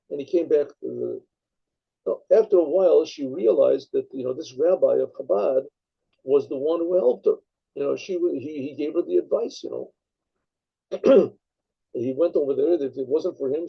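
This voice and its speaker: A man, a rabbi, telling a story in a rambling way, with frequent restarts and throat-clearing. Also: fairly high pitch. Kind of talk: storytelling talk. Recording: dull lo-fi recording.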